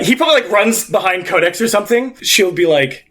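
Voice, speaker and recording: A man's voice: high voice, lively intonation, brisk, hardly any pauses, sharp tone. A man narrating a tabletop game as game master, rambling with many fillers.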